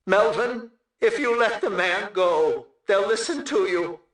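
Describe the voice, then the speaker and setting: A man's voice: sits high, takes it slowly, a bit bright, roomy sound, distant mic, pitched above the performer's own voice. An actor voicing a distraught middle-aged mother pleading over a megaphone, strained and begging.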